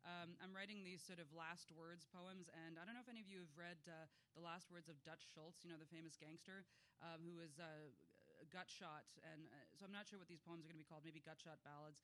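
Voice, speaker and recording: A man's voice: on the high side, steady tone, brisk, pushed and bright, clear, resonant tone. A man reading his poems live, wry and loose, chatting between pieces. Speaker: poet.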